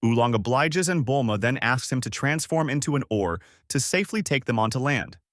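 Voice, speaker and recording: A man's voice: mid-range voice, lively intonation, a little fast, no echo, clean studio sound. A man reading a fan story aloud as narrator, in plain storytelling.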